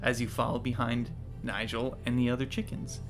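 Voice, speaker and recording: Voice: medium pitch, little pitch movement, moderate pace, soft background music. A game master narrating a tabletop game casually and laughing often.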